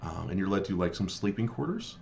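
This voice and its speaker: A man with a very deep voice narrates a tabletop game as its game master. He talks in a halting, improvised way, pausing to find each word. A faint hum of room noise sits under his voice. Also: sing-song, gravelly, darkish tone, muffled recording. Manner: halting, searching for words.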